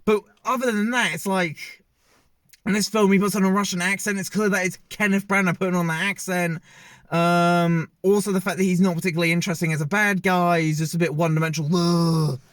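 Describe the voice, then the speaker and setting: Male film reviewer, slightly high voice, loose and hesitant delivery, dead-dry recording. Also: steady tone, a little fast, a bit bright, no echo. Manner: rambling, hesitant, many fillers and restarts. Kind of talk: casual spoken movie review.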